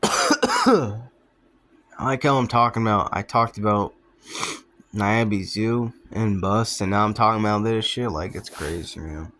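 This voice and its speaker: A man's voice: lowish voice, big pitch swings, a little slow, long pauses, fairly bright tone. A young man rambling in a casual vlog monologue, trailing off often, with plenty of fillers and swearing. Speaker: vlogger.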